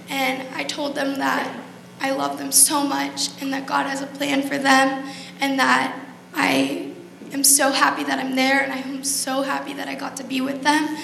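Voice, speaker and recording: A hoarse woman giving a halting testimony in church. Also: high-pitched, a bit bright. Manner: halting, plain storytelling. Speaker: student sharing a testimony. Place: church sanctuary. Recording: echoey hall, faint noise.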